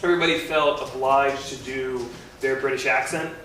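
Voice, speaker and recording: A young man doing a stand-up comedy set, rambling and self-deprecating, halting with many fillers. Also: mid-range voice, fairly even intonation. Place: comedy club stage. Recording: echoey club recorded from far off with noise.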